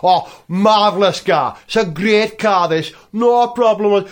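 A man's voice: high voice, takes it slowly, voice pushed up. A man voicing a cheerful, chatty male taxi driver with a London accent.

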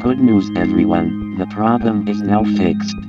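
A man voicing a deadpan robot announcer. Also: on the low side, lightly acted. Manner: flat, deadpan, slow announcements. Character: bored robot announcer, male, dutiful. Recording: dull lo-fi voice from a distance over loud music.

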